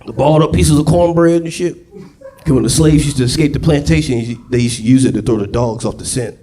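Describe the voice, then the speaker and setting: A male stand-up comedian doing a raunchy set on a club stage, profane and shouting his punchlines into a handheld mic. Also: medium pitch, a little fast, slight background noise. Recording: live club with loud audience laughter.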